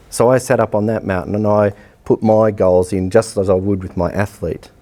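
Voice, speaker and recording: A middle-aged Australian man, an athletics coach, telling a personal story in a public lecture, blunt and animated, acting out bits of dialogue. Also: fairly low pitch, normal speed.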